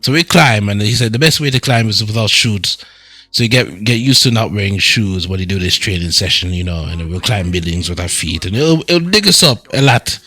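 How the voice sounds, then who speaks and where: A man playing a tough young male street vigilante with a Jamaican patois accent, talking haltingly and restarting words. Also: on the low side, animated, sharp tone, breathy edge, no room sound, exaggerated voice. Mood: easygoing. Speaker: roleplay character. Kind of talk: in-character roleplay chat.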